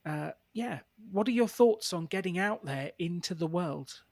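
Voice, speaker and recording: A man's voice: sits high, animated, unhurried, vocal fry, no room sound. A man hosting a podcast, chatting casually and laughing easily as he tells anecdotes. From England. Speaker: podcast host.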